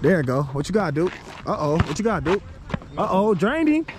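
A man filming a pickup basketball game outdoors and commenting in a loud, laughing, excitable trash-talk style. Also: high-pitched, normal speed, background noise. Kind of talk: casual commentary.

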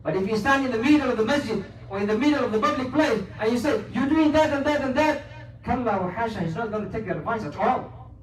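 A man with a Somali accent delivers a Friday sermon at a quick clip, his voice pitched high. He sounds some distance from the microphone, and the prayer hall echoes around him. He talks earnestly, moving between English and recited Arabic. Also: a little hiss or hum. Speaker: preacher giving a Friday sermon.

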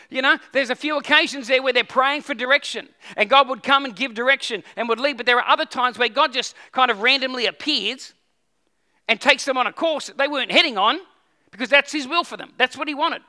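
A male pastor with a very high, strikingly bright and forceful voice delivers a sermon. He talks to the congregation conversationally, stumbling into restarts and tossing them questions. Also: a little fast.

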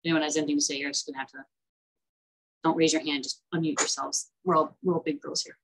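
A woman teaching an online class in a chatty, animated way, acting out the characters as she retells stories. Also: deep voice, fast talker, poor audio.

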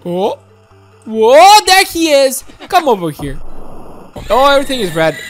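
A woman giving excitable, childlike gameplay commentary while speaking as her game character. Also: high-pitched, slow, soft background music. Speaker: game streamer.

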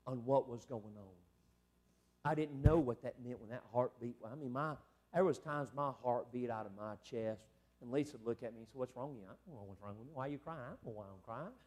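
A man preaching a revival sermon as an evangelist. He swings from loud shouting to hushed, emotional storytelling. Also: medium pitch. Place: church sanctuary.

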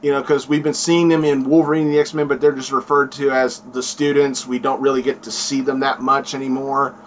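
A man's voice: medium pitch, little pitch movement, brisk, a little hiss or hum. A man hosting a comic book chat, rambling casually and acting out lines he quotes. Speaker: comic book video reviewer.

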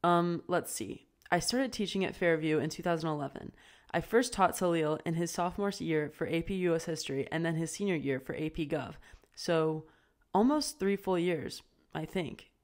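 Casting note: a woman playing a friendly middle-aged teacher, halting and rambling, in a low voice. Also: lightly acted. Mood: amiable. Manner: hesitant, rambling. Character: amiable middle-aged male history teacher.

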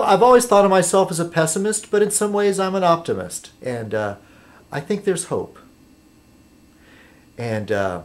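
A man vlogging casually to his subscribers, rambling and halting, with many fillers and restarts as he sips a beer. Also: medium pitch, a little mellow. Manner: chatty while sipping beer.

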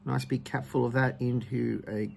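A man hosting his own whisky channel. He gives casual tasting commentary at home and talks in a relaxed, hesitant way with frequent ums. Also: mid-range voice, moderate pace, creaky, slight background noise.

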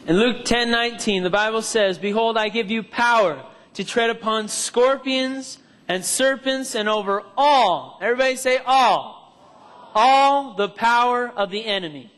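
A man's voice: high voice, a bit bright, clear, resonant tone. A man preaching a sermon in a church hall, mixing personal testimony with scripture and calling for amens from the congregation. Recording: long hall reverb.

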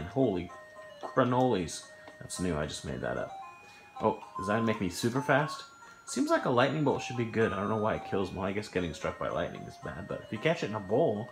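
A man giving casual let's-play commentary at home, thinking aloud and getting puzzled and excited over a game. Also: on the low side. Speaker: gameplay commentator. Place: home living room, on a sofa. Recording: echoey room with game music behind.

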